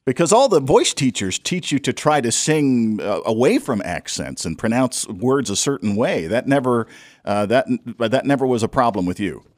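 A man hosting a radio interview, easygoing and quick to laugh along with his guest. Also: medium pitch, big pitch swings, darkish tone, no room sound, clean studio sound. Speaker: radio host.

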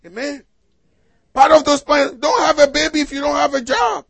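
A man preaching a sermon to a congregation, asking them to fill in the words and swinging between loud exhortation and quiet asides. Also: very high voice, expressive, moderate pace, creaky, no echo. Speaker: pastor.

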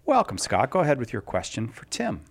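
A man's voice: medium pitch, huge pitch swings, brisk, gravelly. A man hosting a call-in radio show, introducing callers and joking in mock offense. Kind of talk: casual radio banter.

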